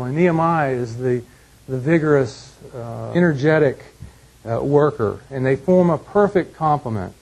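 Male Bible teacher, husky voice, measured lecture delivery with restarts. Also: mid-range voice, darkish tone, low-quality recording. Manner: measured, frequent restarts and fillers.

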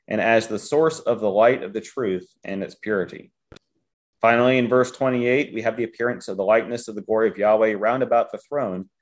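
Low-voiced man teaching Bible verses. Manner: reads scripture aloud, explains verse by verse. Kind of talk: Bible study talk.

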